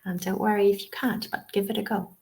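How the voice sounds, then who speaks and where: A woman's voice: mid-range voice, fairly even intonation, a little fast, a little mellow. Reassuring woman teaching a webinar. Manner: reassuring, frequent "um" and "okay?" check-ins. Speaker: TEFL trainer. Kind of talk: webinar lesson.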